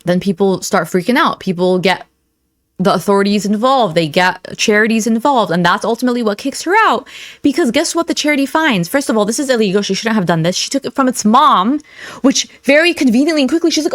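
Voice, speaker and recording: A woman's voice: fairly high pitch, lively intonation, a little fast, dry recording, studio quality. A woman giving an indignant, blunt reaction commentary.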